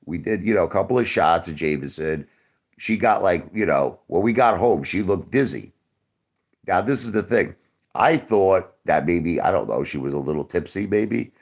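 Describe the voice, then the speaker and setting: Husky and low, his voice is expressive and moves at a moderate pace. He's in his forties, replying to chat on a casual livestream, repeating himself defensively and calling the viewers brother again and again.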